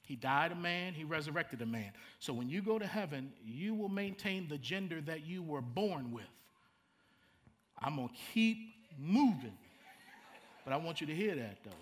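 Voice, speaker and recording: A man's voice: fairly high pitch, lively intonation, normal speed. A middle-aged man, preaching a sermon in a conversational way, repeating words and making asides to the congregation. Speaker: pastor.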